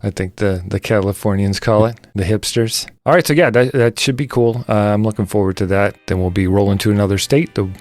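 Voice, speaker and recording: A man co-hosting a music podcast in relaxed casual chat, laughing easily with his co-host. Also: on the low side, brisk, hardly any pauses, no echo.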